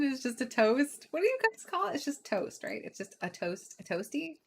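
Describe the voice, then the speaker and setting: A woman chatting casually with her viewers while she plays a game, playful and quick to laugh. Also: sits high, very animated. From United States. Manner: chatty, playful, giggly, talks to chat. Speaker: game streamer. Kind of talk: casual chat while gaming.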